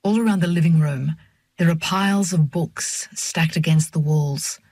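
An older woman reads a first-person story in a measured, reflective voice. Her tone is husky and breathy. The recording is close and dry, with no room sound. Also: sits low, a little mellow, no echo. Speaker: narrator. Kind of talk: first-person audiobook narration.

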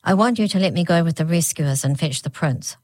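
Storybook role: woman reading a small hag girl, grim, huffy and earnest, low and dry. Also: fairly quick, darkish tone, dry recording, lightly acted.

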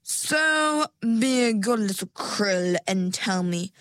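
A woman's voice: mid-range voice, animated, slow pace, a bit bright, dry recording. A woman doing a syrupy, sweetly menacing sea witch. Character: sly sugary female sea witch.

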